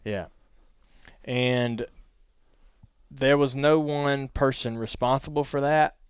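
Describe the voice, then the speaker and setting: A man hosting a podcast, telling stories in a relaxed, rambling way. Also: medium pitch, takes it slowly, clear, resonant tone, no echo. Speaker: podcast host. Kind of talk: casual podcast storytelling.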